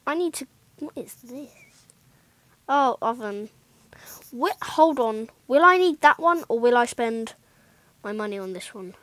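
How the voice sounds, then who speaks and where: Woman gaming YouTuber, unhurried and self-mocking, rambling commentary with hushed muttered asides, dry close sound. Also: fairly high pitch, no echo, low-quality recording. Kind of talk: casual gameplay commentary.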